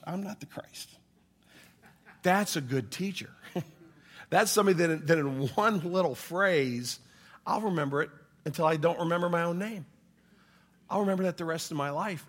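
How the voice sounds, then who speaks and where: Bright-voiced pastor preaching. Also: male voice, fairly high pitch, breathy edge. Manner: conversational preaching, acts out quoted voices, dynamic swings from loud to hushed. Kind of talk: sermon.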